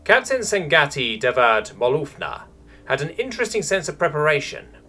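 A man narrating a science fiction story in a scripted, expressive reading. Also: a little high, normal speed, soft background music.

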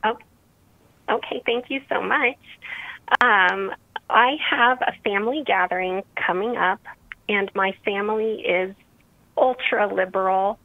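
A woman's voice: mid-range voice, unhurried, long pauses, dry recording. A woman calling in to a radio show, asking a question hesitantly with fillers, heard over the phone. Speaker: caller. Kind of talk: call-in question. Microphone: telephone. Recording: tinny phone line.

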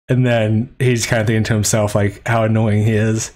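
Low-voiced man in relaxed, chatty commentary. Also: a little fast. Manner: relaxed, chatty, frequent "like" fillers, chuckles often. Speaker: anime and light novel commentator. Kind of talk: casual video commentary.

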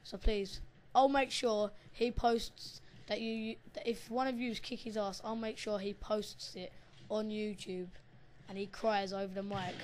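A woman giving live gameplay commentary, excitable and swearing as she shouts at the game. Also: medium pitch, a little slow. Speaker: gamer recording her match.

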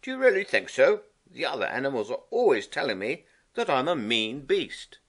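A man voicing a cheerful, bossy male water rat in a storybook reading, brisk and fussy. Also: mid-range voice, very animated, a bit bright, pitched above the performer's own voice. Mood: chatty.

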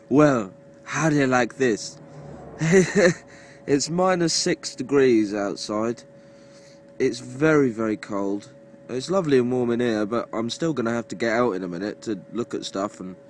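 A man vlogging from his lorry cab before dawn, talking in a slow, drowsy, wry and grumbling way. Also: mid-range voice, a little hiss or hum. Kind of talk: casual early-morning vlog. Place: inside a lorry cab at night.

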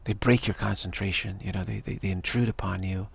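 A man's voice: low-pitched, steady tone, a little fast, creaky, breathy edge. A man giving a rambling, emphatic spiritual talk as a teacher, often repeating himself.

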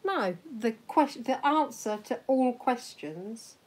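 A woman's voice: a little high, animated, slow, a little mellow. A woman from England, teasing playfully while co-hosting a casual livestream chat. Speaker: livestream co-host.

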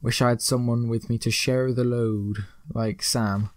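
A man's voice: medium pitch, level tone, unhurried, no room sound. A man hosting a let's play, giving rambling, joking gameplay commentary full of puns. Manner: rambling, joking, pun-loving.

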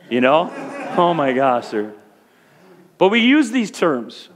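A man's voice: mid-range voice, expressive, unhurried. A middle-aged male pastor preaching a sermon in a conversational way that rises to fervent peaks.

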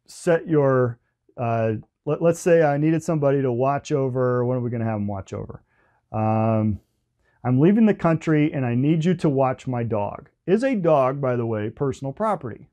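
A man's voice: a little high, dark tone. A man lecturing on business law in a casual, joking way, tagging points with "okay?" and "right?". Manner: chatty, joking asides, frequent "okay?" and "right?" tags.

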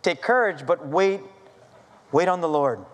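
A pastor preaching a sermon, telling an animated story with self-deprecating humor. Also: male voice, on the high side, a little slow, big-room sound. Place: church sanctuary.

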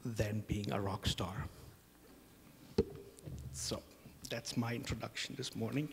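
A man's voice: lowish voice, fairly even intonation, takes it slowly, vocal fry, big-room sound, background noise. A middle-aged man hosting a conference, opening with humorous, self-deprecating stories about his family. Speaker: conference host. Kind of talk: storytelling conference introduction. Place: conference hall.

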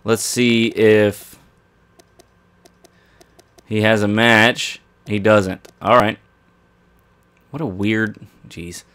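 A man commentating his own wrestling video game play, excitable and trash-talking his opponent. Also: fairly low pitch, very slow, long pauses. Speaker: gaming commentator.

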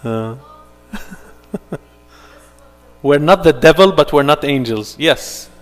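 A man teaching an interactive religious workshop, animated and firing rhetorical questions at his audience. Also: a little high, slow pace, long reverb tail, soft background music.

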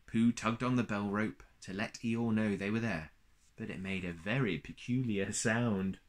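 A man reading a children's story aloud in a gentle, expressive way. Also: on the low side, a little slow.

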